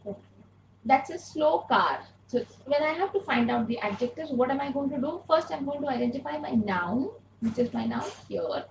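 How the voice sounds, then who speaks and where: A woman's voice: sits high, expressive, normal speed, vocal fry, reverberant, slight background noise, rough recording. A woman teaching an online grammar lesson, patiently repeating key points and asking rhetorical questions, speaking through an earphone mic. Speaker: English teacher.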